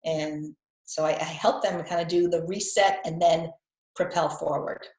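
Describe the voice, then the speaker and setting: A woman's voice: low-pitched, steady tone, normal speed, a little mellow, roomy sound, low-quality recording. A woman with a faded Boston accent, chatting casually as a guest health coach, repeating words and laughing often. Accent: Boston, mostly faded. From New England. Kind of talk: casual video call chat.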